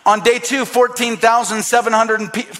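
A man's voice: extremely high pitch, flat delivery, moderate pace, bright, forceful tone. A man preaching a sermon as pastor, emphatic and repetitive, acting out quoted voices.

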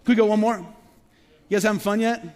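A middle-aged man preaching a sermon as pastor, talking conversationally with rhetorical questions and quick stammered restarts. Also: sits high, steady tone, darkish tone, clean tone. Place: church sanctuary. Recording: long reverb of a large hall.

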